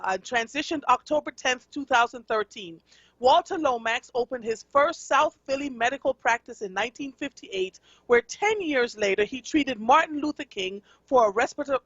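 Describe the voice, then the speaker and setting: A woman's voice: on the high side, a bit bright, no room sound, dull audio. A woman with a Jamaican accent hosting a radio talk show, speaking earnestly and conversationally with frequent fillers.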